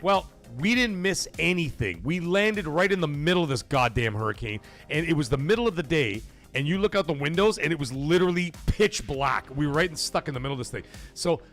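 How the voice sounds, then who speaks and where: A man hosting a live gaming stream, telling a story in a swearing, animated way, getting loud and then dropping quiet. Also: on the high side, brisk, soft background music. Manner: animated, profane, swings loud and soft for effect.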